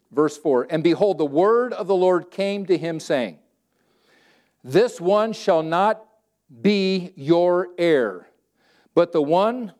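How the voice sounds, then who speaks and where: A man from Southern California preaching a sermon in plain, everyday words. He is animated and conversational, and acts out scripture verses as he quotes them. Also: a little high. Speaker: pastor.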